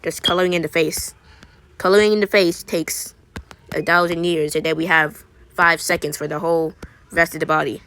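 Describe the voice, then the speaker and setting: Sassy rambling woman with vocal fry. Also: deep voice, flat delivery, normal speed, fairly bright tone, faint music behind. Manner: rambling and sassy, with frequent stumbles and restarts. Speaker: video creator. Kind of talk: chatty commentary while coloring.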